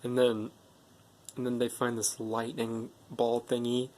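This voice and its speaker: A man with a mid-pitched voice gives a casual spoken movie recap. He rambles from one plot point to the next, chaining clauses with "and then" and "like". His tone stays plain and conversational throughout. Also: completely flat delivery, unhurried, darkish tone. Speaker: movie reviewer.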